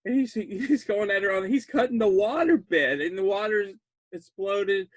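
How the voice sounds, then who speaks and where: Brief: high-pitched man, dry close mic, laughs through a rambling horror-film recap. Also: animated, moderate pace, dry recording. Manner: rambling, laughs often, restarts words; jumps to loud disbelief. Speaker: podcast host recapping a film. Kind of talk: excited casual film recap.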